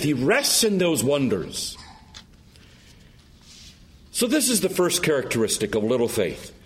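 A man preaching a sermon, emphatic and full of rhetorical questions. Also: medium pitch.

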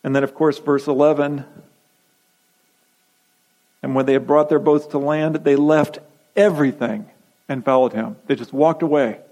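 A man's voice: a little high, fairly even intonation, normal speed, pauses often, darkish tone, poor audio. A man preaching a sermon, emphatic and repetitive, posing rhetorical questions to his congregation. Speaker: pastor.

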